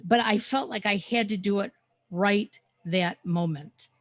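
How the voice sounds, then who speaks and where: A woman's voice: mid-range voice, unhurried, no echo. A woman in her seventies co-hosting a podcast, speaking candidly with lots of ums. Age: 70s. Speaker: co-host. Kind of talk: casual podcast chat.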